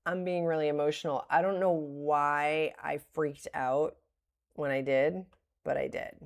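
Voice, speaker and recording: A middle-aged woman with a low, gravelly voice talks through her trades live on stream. She thinks aloud as she goes, criticizes herself frankly and laughs things off now and then. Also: little pitch movement, unhurried. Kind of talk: live-streamed trading commentary.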